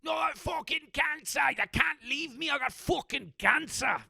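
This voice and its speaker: A man putting on a shouting crude English bloke. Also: normal speed, vocal fry, no echo, clean studio sound, faint music behind, exaggerated voice. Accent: mock English. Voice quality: loud, high and strained. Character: shouting English male boyfriend, crude and desperate.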